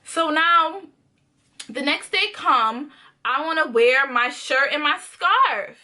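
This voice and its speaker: A young woman vlogger telling a casual storytime, animated and slangy, acting out what people said. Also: high voice, slow pace. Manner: animated, quotes people in lively voices; slangy and conversational.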